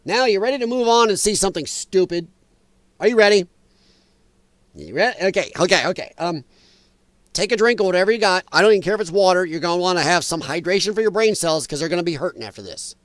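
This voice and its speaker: A man with a notably high voice hosts a casual livestream, talking straight to his chat. He is animated and laughs often between riffs. The sound is close and dry, with no room around it. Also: fast, no echo. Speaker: livestream host.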